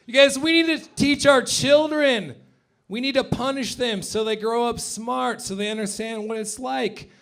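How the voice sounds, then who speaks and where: A man performs stand-up in a mock-serious, deadpan preaching manner. His voice is high for a man, heard through a handheld mic on a comedy club stage.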